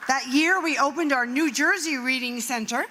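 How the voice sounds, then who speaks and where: Woman, high voice, crisp and bright, speech in a reverberant hall, storytelling with asides. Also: normal speed. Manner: warm storytelling with acted quotes and asides. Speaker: nonprofit founder giving a speech. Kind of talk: speech at an event. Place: event hall. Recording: reverberant hall, faint noise.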